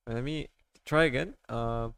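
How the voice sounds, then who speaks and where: A man's voice: mid-range voice, a little slow, gravelly, a bit bright, smooth, no echo. Rambling casual man explaining trades. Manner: rambling, full of "like" and "right?", talking to viewers. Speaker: amateur trader showing his charts. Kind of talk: casual screen-share tutorial.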